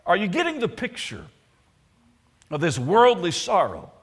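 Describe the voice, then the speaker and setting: A man's voice: high-pitched, huge pitch swings, a little slow, breathy edge. A male pastor preaching a sermon, emphatic and putting rhetorical questions to the congregation.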